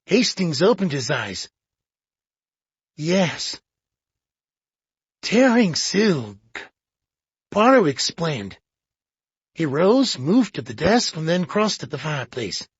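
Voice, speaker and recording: An audiobook narrator giving a measured, expressive reading of a detective play. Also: mid-range voice, breathy edge, dry recording. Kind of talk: scripted narration. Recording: dull lo-fi audiobook.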